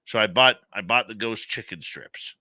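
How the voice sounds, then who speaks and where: A man hosting a radio talk show, telling stories in a lively, chatty way. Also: lowish voice, normal speed, no room sound. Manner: animated storyteller, laughs easily. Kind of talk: casual radio talk, storytelling.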